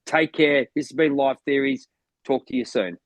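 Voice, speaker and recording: A man's voice: medium pitch, moderate pace, no room sound. An Australian man co-hosting a podcast as a motivational coach, talking in an enthusiastic, rambling way with lots of restarts. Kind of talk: casual chat.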